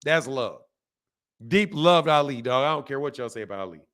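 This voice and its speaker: A man's voice: mid-range voice, animated, brisk, a bit bright. Slangy older man hosting a boxing stream. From Omaha, United States. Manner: slangy, loose, laughing, reacting to chat. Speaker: boxing livestream host. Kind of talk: casual livestream chat.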